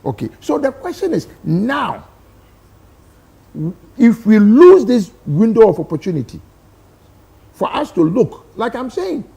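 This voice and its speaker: A man's voice: very high-pitched, very animated, measured pace, gravelly, long pauses, dark tone. A man with a Ghanaian accent arguing emphatically as a studio guest on a talk show, throwing out rhetorical questions. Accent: Ghanaian English. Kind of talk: impassioned studio debate.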